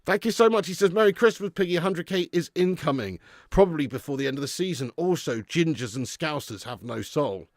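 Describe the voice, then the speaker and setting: A man's voice: fairly high pitch, lively intonation, a little fast, no room sound, studio quality. A man hosting a live football watch-along, joking and laughing as he thanks viewers for super chats.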